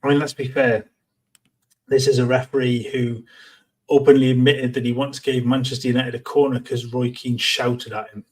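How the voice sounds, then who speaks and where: Flat-voiced blunt football pundit man. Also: mid-range voice, low-quality recording. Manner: blunt, measured opinions with restarts. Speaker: podcast co-host. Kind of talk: casual football podcast chat.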